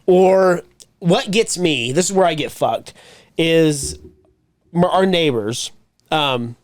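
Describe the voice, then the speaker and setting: A man with a fairly high, lively voice chats on a podcast, joking and laughing. He swears freely, and the mic sounds close and dry. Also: takes it slowly, no room sound. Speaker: podcast co-host. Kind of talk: casual chat.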